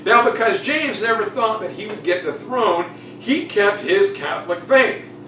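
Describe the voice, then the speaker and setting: A man's voice: high-pitched, animated, a little slow, sharp tone, roomy sound, recorded from a distance, a little hiss or hum, rough recording. A man teaching a casual exam review, jokey and chatty, acting out quotes. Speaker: history teacher.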